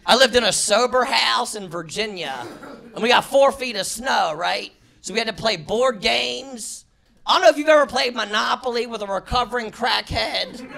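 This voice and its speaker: A male stand-up comic with a very high, gravelly voice delivers his set slowly, then erupts into shouted punchlines. This is a live club recording with a crowd laughing throughout. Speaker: stand-up comedian. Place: comedy club stage before a laughing crowd. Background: audience laughter.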